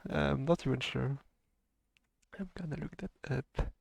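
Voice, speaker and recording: A man's voice: mid-range voice, unhurried, vocal fry, a little hiss or hum. A man with a French accent, hosting a casual live stream and chatting with a laugh in his voice. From France. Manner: chatty, laughs often, mixes in French phrases. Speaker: stream host.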